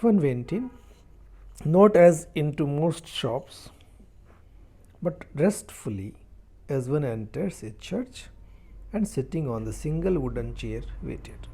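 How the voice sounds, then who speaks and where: Slow, mellow-voiced male teacher explaining a story. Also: a little high, expressive, creaky. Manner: reads a sentence, then restates it slowly in simpler words; halting, with repeated words and restarts. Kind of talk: reading a story aloud and explaining it line by line.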